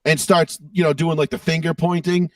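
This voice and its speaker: A man's voice: fairly high pitch, flat delivery, normal speed, no echo, recorded from a distance. A man co-hosting a casual political podcast, ranting with profanity and mockery. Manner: profane, mocking rant. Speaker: podcast co-host.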